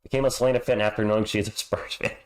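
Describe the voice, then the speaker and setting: Man, hoarse voice, lowish pitch, upbeat chatty sports stream host. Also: steady tone, rapid-fire. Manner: upbeat, chatty, greets viewers. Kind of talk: casual live play-by-play chat.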